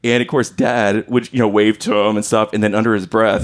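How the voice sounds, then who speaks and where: A man's voice: lowish voice, a little fast. A man in his forties hosting a podcast, telling family stories with lots of laughter. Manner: animated storyteller, acts out quotes and laughs. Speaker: podcast host. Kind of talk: casual conversation.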